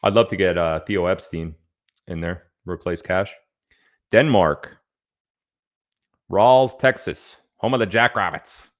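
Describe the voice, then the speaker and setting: A man's voice: low voice, a little slow, fairly bright tone. A man hosting a casual livestream, chatting loosely and reading out where viewers are from. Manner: chatty, reads out viewer locations. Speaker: livestream host.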